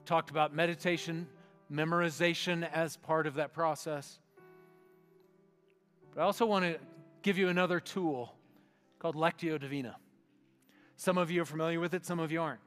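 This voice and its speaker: A man preaching a sermon as pastor, reading slowly and meditatively and sinking to a hushed voice, in a church sanctuary. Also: a little high, fairly even intonation. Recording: long hall reverb with faint music.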